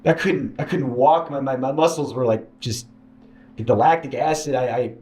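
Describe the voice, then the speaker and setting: A man telling a painful personal story as an interview guest, halting and restarting, quoting others in a raised voice. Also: darkish tone, soft background music. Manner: halting, many restarts, mimics others in higher voice. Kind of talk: emotional personal account. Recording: echoey room with faint hiss.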